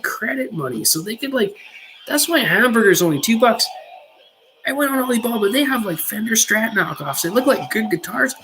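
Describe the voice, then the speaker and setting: A woman's voice: mid-range voice, fairly bright tone, a little hiss or hum, low-quality recording. Profane, ranting woman. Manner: heated, profane ranting with many fillers. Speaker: podcast host. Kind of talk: profane rant on a podcast.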